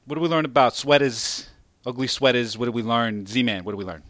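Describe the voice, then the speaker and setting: A man's voice: medium pitch, fairly even intonation, brisk, a bit bright, no room sound. A man hosting a casual podcast, laughing often and swearing freely as he chats. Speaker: podcast host.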